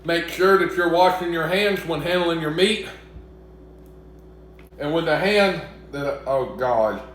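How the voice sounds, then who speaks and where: A man's voice: on the high side, takes it slowly, a bit bright. A young man from Mississippi with a Southern accent, chatting casually as he cooks and joking back at imagined critics. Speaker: cooking vlogger. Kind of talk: casual cooking vlog. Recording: very echoey room.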